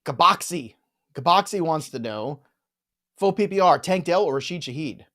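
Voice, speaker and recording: A man with a rather high, very animated voice hosts a live fantasy football show. He banters with his co-host and reads out viewer questions in a lively way. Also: moderate pace. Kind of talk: live sports chat show.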